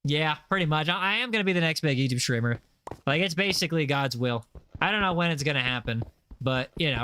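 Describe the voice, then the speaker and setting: A man's voice: fairly high pitch, pushed and bright, smooth. A man chatting casually on a gaming livestream, rambling with lots of fillers and playful boasts. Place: home setup, lives in Los Angeles.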